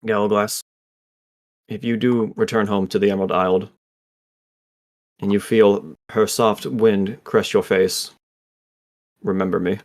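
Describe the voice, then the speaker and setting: A man voicing a quiet, defeated male captive in a tabletop game. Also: lowish voice, fairly even intonation, a little slow, pauses often. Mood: subdued.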